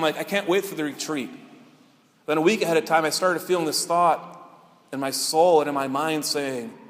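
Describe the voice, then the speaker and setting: A man's voice: a little high, long reverb tail. A man, a priest, giving a sermon and telling a personal story in an earnest, conversational way.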